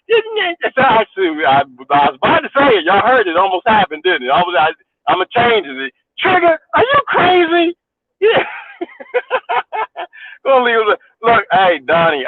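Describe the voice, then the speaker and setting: A man's voice: high-pitched, no room sound. A man ranting in a casual vlog, mocking and laughing often, repeating his points. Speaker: vlogger. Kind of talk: casual rant to camera. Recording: tinny phone-like dry sound.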